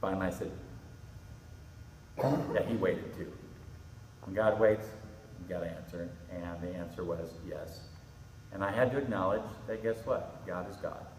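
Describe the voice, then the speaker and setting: Middle-aged male pastor, low voice, animated youth sermon, long reverb hall with faint background hum. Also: measured pace, pauses often, distant mic. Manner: animated storytelling, acts out quotes. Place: church hall. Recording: echoey hall with faint ambience.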